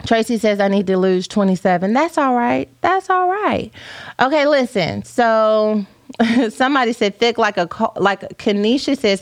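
A woman in her thirties hosting a casual chat with viewers, playful and animated, with preacher-like asides. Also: a little high, no room sound, clean studio sound. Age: 30s. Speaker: podcast host.

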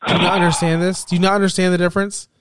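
A man's voice: high voice, little pitch movement, very fast. A man co-hosting a casual sports chat, reeling off stats and needling his partner. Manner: teasing, stat-heavy, needling. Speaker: podcast co-host.

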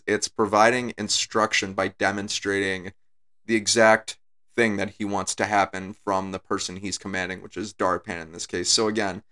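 Man with a lowish voice, easygoing video essayist who talks his ideas through. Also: sharp tone. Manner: talks things through, repeats his points. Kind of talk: casual analytical commentary.

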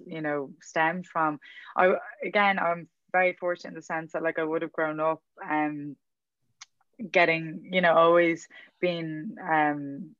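A woman's voice: deep voice, a bit bright, no room sound. Chatty young woman, muffled. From Dublin, Ireland. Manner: chatty and rambling, self-mocking, laughs often. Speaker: podcast guest. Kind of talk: casual interview chat. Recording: dull, dry sound.

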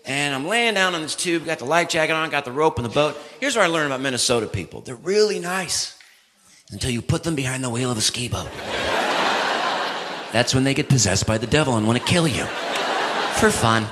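A middle-aged man doing a stand-up comedy routine, telling a story excitedly and putting on voices for his friends. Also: mid-range voice, fairly quick. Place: live comedy venue with audience. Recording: live audience laughter and crowd noise.

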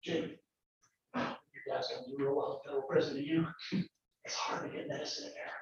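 A man's voice: mid-range voice, little pitch movement, a little fast, lo-fi sound, slight background noise, pitched below the performer's own voice, lightly acted. A man role-playing a federal prosecutor who casually threatens a defendant, heard from far off in an echoey room. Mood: menacing. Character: menacing male federal prosecutor leaning on a defendant.

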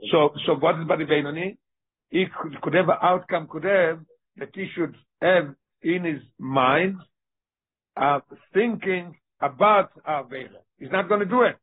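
A man teaching a text study lesson. He reads passages aloud quickly and then explains them more slowly. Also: on the high side, slightly rough. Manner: reads Hebrew quickly, then explains slowly in English with Yiddish-inflected terms. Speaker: Torah teacher. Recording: tinny phone-line audio.

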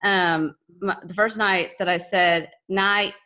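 A woman's voice: lowish voice, fairly even intonation, a little slow, pushed and bright. A woman with a Texan accent hosting a podcast, chatting casually and rambling with restarts. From grew up in Texas. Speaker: podcast host. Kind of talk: casual interview chat.

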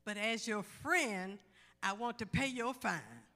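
A woman preacher voicing a stern but kindly male judge, speaking slowly and solemnly. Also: medium pitch, animated, pushed and bright, big-room sound, soft background music, heavily acted.

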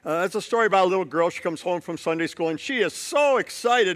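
A man's voice: high-pitched, animated, fast talker, few pauses, fairly bright tone. A male pastor preaching a sermon, telling a story and building points through repetition.

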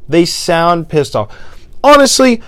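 A frustrated young man vents in a casual solo podcast, swearing often. His voice is smooth and clean, recorded dry with no room around it. He lurches from loud exasperation to low, defeated muttering. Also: normal speed, dry recording. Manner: exasperated, profane, swinging between loud outbursts and low mutters. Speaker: podcast host. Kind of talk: casual ranting monologue.

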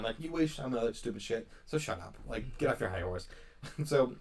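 A man's voice: mid-range voice, animated, fast talker, darkish tone. A young man co-hosting a podcast in casual chat, rambling and swearing often with frequent laughs. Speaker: podcast co-host.

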